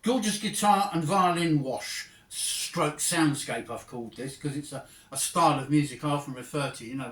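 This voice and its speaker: A man's voice: on the high side, fairly bright tone, distant mic. Chatty man reviewing music, echoey room. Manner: chatty, digressive, enthusiastic. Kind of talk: casual spoken album review.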